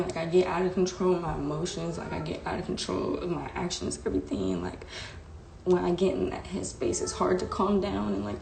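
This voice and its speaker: A woman's voice: lowish voice, vocal fry, mellow, a little hiss or hum. A young woman vlogger telling a personal story casually and emotionally, full of slang and fillers. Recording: echoey room.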